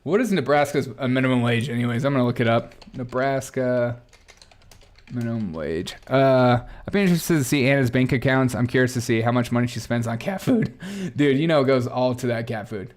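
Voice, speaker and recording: Man, sarcastic livestream commentary, laughing asides, thinking out loud. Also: medium pitch, brisk. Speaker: political commentary host reacting to clips.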